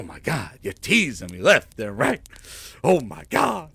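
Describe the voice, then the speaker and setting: High-pitched, mocking gaming ranter. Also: male voice, sing-song, a little slow, vocal fry, bright, forceful tone, husky, dry recording. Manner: profane, mocking, theatrical whooping. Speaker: gaming commentator. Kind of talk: reaction commentary.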